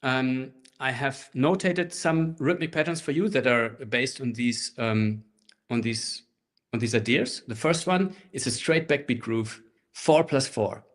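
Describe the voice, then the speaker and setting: A man teaching a live online handpan workshop through a laptop microphone, explaining rhythms in a relaxed way and speaking rhythm syllables while he plays. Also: mid-range voice, measured pace. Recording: laptop mic with handpan music. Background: handpan playing.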